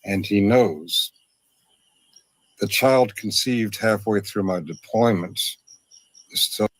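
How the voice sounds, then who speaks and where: A man explaining himself defensively, stopping and restarting as he goes. His voice is low and husky. The sound is dry and close. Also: no room sound, low-quality recording. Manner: defensive, halting. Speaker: streamer in replayed clips. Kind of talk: defensive live-stream talk.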